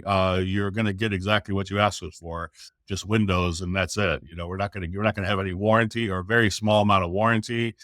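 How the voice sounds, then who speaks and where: Animated middle-aged man telling a story. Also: lowish voice, no room sound, clean studio sound. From United States. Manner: animated storytelling, acts out quoted dialogue, casual swearing. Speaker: sales coach guest. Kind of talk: storytelling in a podcast interview.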